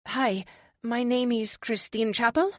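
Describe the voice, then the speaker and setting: A woman's voice: fairly high pitch, unhurried, no room sound, studio quality, voice pushed up, natural voice. A woman voicing a polite, slightly flustered young woman on the run in an audiobook.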